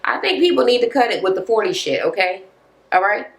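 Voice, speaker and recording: A woman's voice: mid-range voice, lively intonation, a little fast, poor audio. Woman, TV recap vlog, casual gossipy talk, swears a lot, plenty of ums. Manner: blunt, profane, gossipy; fillers and asides. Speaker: reality TV recap vlogger.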